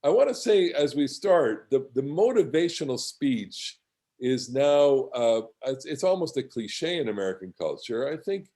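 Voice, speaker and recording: A man teaching a class in a halting, digressive way. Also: medium pitch, sing-song, dark tone. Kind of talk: casual class lecture.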